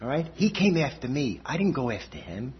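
A man's voice: mid-range voice, very animated, fairly quick, slightly rough. An older man giving a personal testimony at a church gathering, talking conversationally and often checking in with "all right?". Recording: dull lo-fi recording.

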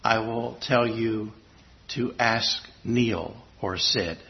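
A man preaching a sermon, telling a personal story in a reflective, halting way with pauses and restarts. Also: fairly low pitch, gravelly. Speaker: pastor. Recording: slightly dull lo-fi recording.

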